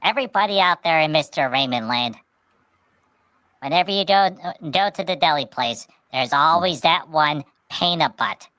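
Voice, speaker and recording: A woman's voice: deep voice, lively intonation, moderate pace, fairly bright tone, dry recording. A woman telling a rambling anecdote in casual podcast chat, often restarting with repeated words. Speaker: storyteller on a podcast.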